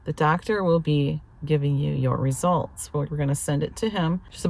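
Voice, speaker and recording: A woman's voice: sits low, unhurried, creaky, darkish tone. A middle-aged woman chatting casually in a vlog, telling stories with frequent laughter. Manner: chatty, laughs often, self-deprecating storytelling. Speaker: vlogger.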